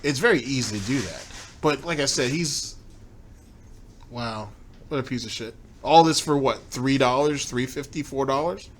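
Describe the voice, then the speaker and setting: A man's voice: mid-range voice, normal speed, slight background noise. A man hosting a commentary show who mocks the clips he plays with sarcastic, laughing remarks. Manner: sneering, laughs at his target. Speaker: commentary host.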